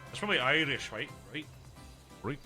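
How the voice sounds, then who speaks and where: A man's voice: medium pitch, animated, normal speed, sharp tone, soft background music. An English man streaming a roleplay game, rambling and joking at himself with his viewers. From England. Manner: rambling, self-mocking, laughs at own remarks. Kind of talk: casual chat to stream viewers.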